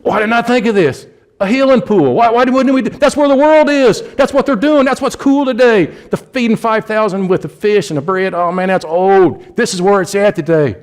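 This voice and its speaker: Preacher puts on an excited, slangy trend-chaser, Indianapolis accent, pitched up high. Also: male voice, moderate pace, close to an everyday voice. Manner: breezy, enthusiastic, surfer-style slang. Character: trendy modern-day man, excited, slangy.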